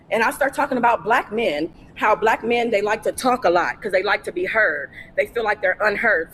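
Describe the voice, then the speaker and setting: A woman on a phone livestream from inside a fast-food restaurant, cursing and confronting someone in an angry rant. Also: on the high side, slight background noise. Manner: profane, confrontational, repetitive shouting. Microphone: phone held for a livestream.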